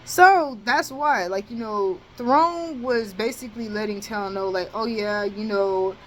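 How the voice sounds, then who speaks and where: A woman's voice: mid-range voice, a little slow, a little hiss or hum, poor audio. A young woman telling a personal story to the camera in a casual, candid way, cursing freely and acting out what people said. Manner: candid, swearing, animated retelling with quoted asides.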